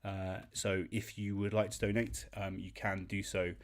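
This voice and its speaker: A man hosting a relaxed online quiz from home, his voice sitting fairly low. He talks in a chatty, self-deprecating way, full of ums and little asides. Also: normal speed. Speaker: quiz host.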